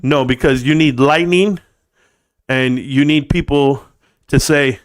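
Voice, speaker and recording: A man in his forties hosting a live stream, ranting sarcastically and swearing freely in a casual, animated way. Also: medium pitch, slow pace, long pauses.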